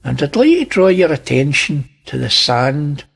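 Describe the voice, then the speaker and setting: A Scottish man talks slowly and deliberately, pointing things out one by one. His voice is gravelly with a husky edge, and he drops in dry jokes between observations. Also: on the high side, big pitch swings. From Scotland. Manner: slow, pointing things out, wry asides. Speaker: channel host. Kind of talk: narrating image analysis.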